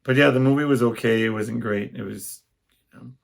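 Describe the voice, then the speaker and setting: A man's voice: mid-range voice, fairly even intonation, brisk. A young adult man hosting a casual solo podcast, telling rambling stories and often stopping to restart his sentences. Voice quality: gravelly, husky. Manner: rambling, self-interrupting storyteller. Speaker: podcast host.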